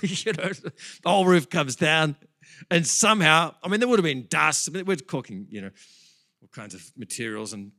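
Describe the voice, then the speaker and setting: A man preaching a sermon in a church, telling a Bible story with animated, chatty asides. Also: mid-range voice. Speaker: pastor.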